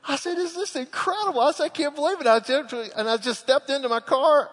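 A man preaching a sermon, telling a funny personal story with lively animation before turning to scripture. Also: very high-pitched, fairly quick. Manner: animated storyteller, laughs through the tale. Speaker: pastor. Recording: long echo of a large hall.

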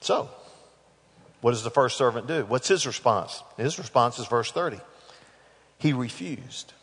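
A man's voice: medium pitch, animated, unhurried, husky. Preacher man in an echoey hall. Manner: dramatic, acts out scripture dialogue with big swings in loudness. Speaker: pastor. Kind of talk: sermon.

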